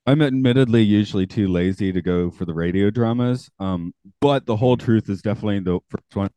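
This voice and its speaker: Laid-back low-voiced podcast host, dry mic. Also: male voice, brisk, mellow, clean tone, no room sound. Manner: chatty, laughs often. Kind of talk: casual chat.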